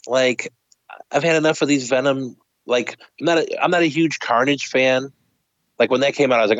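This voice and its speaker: A man co-hosting a casual podcast, an excitable self-described comic-book nerd giving animated opinions. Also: mid-range voice, normal speed, no room sound, highs cut off. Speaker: podcast co-host.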